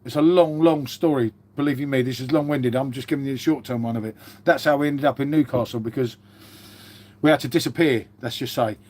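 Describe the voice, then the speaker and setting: A man's voice: medium pitch, fairly quick, darkish tone. A man in his fifties hosting a casual live stream, rambling through stories, swearing freely and calling everyone mate. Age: 50s.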